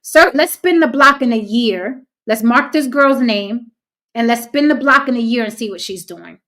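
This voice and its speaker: A woman's voice: on the high side, normal speed, fairly bright tone. A woman hosting a casual commentary show, talking straight to her viewers in a blunt, cynical way. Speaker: host.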